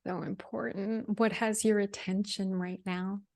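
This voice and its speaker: A woman hosting a casual, reflective conversation, asking gentle questions and musing thoughtfully. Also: mid-range voice, level tone, a little slow. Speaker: podcast host.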